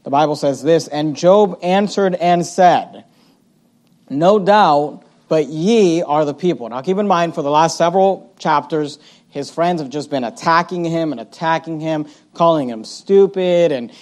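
A man with a high voice preaches an evening Bible sermon in a loose, conversational way. He reads the verses slowly, then paraphrases them in everyday speech, with plenty of fillers and restarts along the way.

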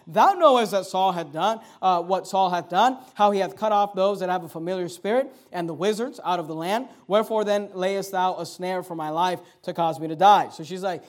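A man's voice: high-pitched, a little fast, hardly any pauses, darkish tone. A man preaching a sermon, reading old scripture verses aloud and retelling them in casual everyday talk, building to emphatic peaks. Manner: reads King James verses then paraphrases in casual modern speech. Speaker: pastor.

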